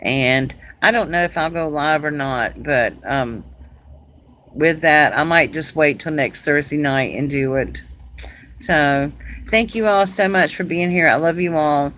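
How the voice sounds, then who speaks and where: A woman's voice: deep voice, a little slow, a bit bright, a little hiss or hum, poor audio. Chatty Southern woman hosting a craft stream. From South Carolina, US. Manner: chatty and homey, laughs often, says "y'all". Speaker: craft channel host. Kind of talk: casual live-stream chat with viewers.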